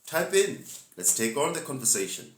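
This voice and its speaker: A man's voice: mid-range voice, very animated, moderate pace, reverberant. A man gives a laid-back, preachy spiritual talk to live-stream viewers and laughs often.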